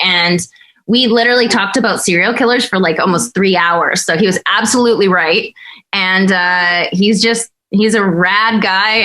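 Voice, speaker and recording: A woman's voice: mid-range voice, bright, forceful tone. A woman co-hosting a podcast, talking in a chatty way about writing a story, with fillers and restarts. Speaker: podcast co-host and writer. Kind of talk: casual podcast chat.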